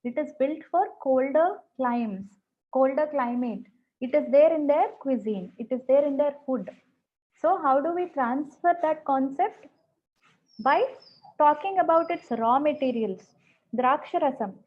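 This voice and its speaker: A woman's voice: high-pitched, animated, moderate pace. A woman with a Telugu accent teaching translation online, explaining step by step and often putting questions to the class. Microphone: video call. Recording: dull lo-fi online call audio.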